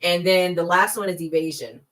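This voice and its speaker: Her pitch is fairly low and her tone steady and a bit bright, though the recording quality is low. The speaker, a woman in her thirties, is a podcast guest expert walking listeners through fraud warning signs with emphatic, conversational energy and brief acted-out scam calls.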